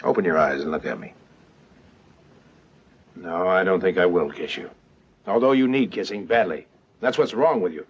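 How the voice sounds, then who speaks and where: Cynical Southern charmer, mocking, old muffled film sound. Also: male voice, low voice, moderate pace, long pauses, slightly rough. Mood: teasing. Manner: wry, mocking, self-assured. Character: cynical, teasing Southern gentleman. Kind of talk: 1930s film acting.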